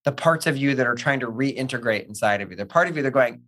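A man hosting a casual conversation, speaking in a gentle, reflective, coaching way. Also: mid-range voice, animated, fast. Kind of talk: casual podcast chat.

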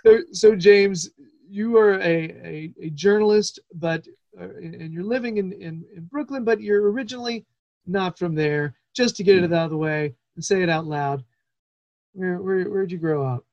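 A man's voice: high-pitched, normal speed, a little mellow, no room sound, lo-fi sound. A man hosting a podcast, enthusiastic and stammering through restarts as he chats. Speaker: podcast host. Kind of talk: casual interview chat.

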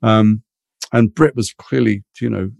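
A middle-aged actor telling animated anecdotes in an interview, acting out other people's voices. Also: male voice, lowish voice, a little slow, creaky, dry recording. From England. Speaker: actor guest.

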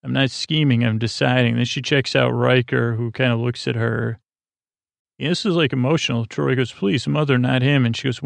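Man, gravelly voice, flat monotone, rambling sleepy recap, dry close mic. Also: medium pitch, dry recording. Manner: meandering, filler-heavy, halting retelling. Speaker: podcast host.

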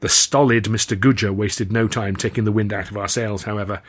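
A man reading his own novel aloud, with measured, wry storytelling. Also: lowish voice, fairly even intonation. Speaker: author and reader.

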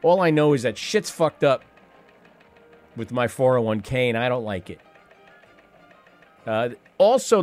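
A man in his fifties hosting a radio call-in show, talking in a wry, rambling way with profane asides. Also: medium pitch. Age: 50s. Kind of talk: rambling talk radio monologue.

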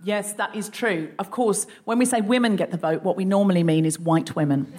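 A woman with an Australian accent hosting a live comedy quiz, playful and chatty, quick with asides. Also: mid-range voice, mellow. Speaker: comedy podcast host. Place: live venue stage.

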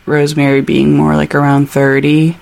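Woman co-host, giggly and chatty, slightly low voice, casual book talk. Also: completely flat delivery, gravelly, darkish tone. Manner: chatty, giggly, quick asides. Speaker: podcast co-host. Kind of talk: casual book-club chat with read-aloud passages.

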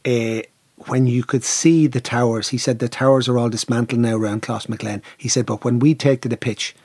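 Husky Irish man, middle-aged, spirited raconteur; dry close mic. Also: medium pitch, a little fast, no echo. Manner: lively storyteller, mimics drum sounds, swears casually. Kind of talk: animated anecdote telling.

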